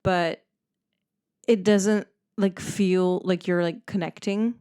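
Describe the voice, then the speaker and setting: A woman's voice: fairly low pitch, fairly even intonation, takes it slowly, dark tone, clear, resonant tone. A young woman from the Netherlands hosting a solo podcast, chatting casually and rambling with lots of "like" and frequent laughter. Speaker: podcast host.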